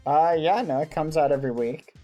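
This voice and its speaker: A man's voice: fairly quick, soft background music. A man streaming a survival game, chatting casually and yelping when startled. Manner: excitable, yelps up high when startled. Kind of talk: casual gaming chat.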